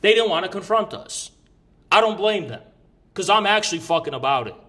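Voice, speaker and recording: A man's voice: high-pitched, animated, fairly quick, fairly bright tone. A man telling a story in casual chat, brash and profane, rambling with restarts. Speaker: podcast guest recounting an event.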